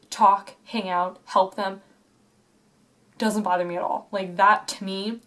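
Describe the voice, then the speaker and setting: A young woman in her twenties, a student teacher, talking casually and rambling to camera with many likes and restarts. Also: medium pitch. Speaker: vlogger. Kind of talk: casual personal talk to camera.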